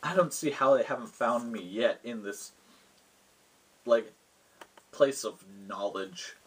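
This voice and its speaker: A man voicing an ancient mystic woman spirit bound in an amulet, in a hushed, echoing, slow and measured way. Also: medium pitch, husky. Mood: calm, knowing.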